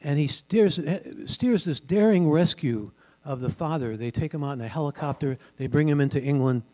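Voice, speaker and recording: An older man and radio host with a booming broadcaster voice gives a genial, chatty storytelling talk as a guest speaker in a large synagogue hall, full of fillers. He speaks at a moderate pace in a warm tone through a stage microphone.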